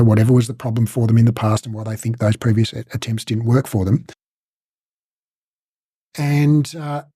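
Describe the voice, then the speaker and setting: Man giving a chatty lesson, mellow and husky. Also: mid-range voice, dry recording, clean studio sound. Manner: conversational, acts out client and coach exchanges. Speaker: instructor. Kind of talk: casual recorded lesson.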